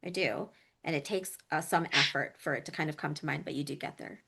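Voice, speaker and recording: A woman narrating as game master of a tabletop role-play, describing scenes with frequent ums and pauses. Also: low-pitched, steady tone, gravelly, bright, forceful tone, breathy edge. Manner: descriptive, hesitant with many ums.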